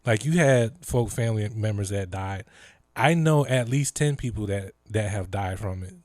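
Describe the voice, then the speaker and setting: Animated man chatting. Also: lowish voice, normal speed, no room sound, studio quality. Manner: animated storytelling with impressions, filler-heavy. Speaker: live-stream host. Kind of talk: casual chat.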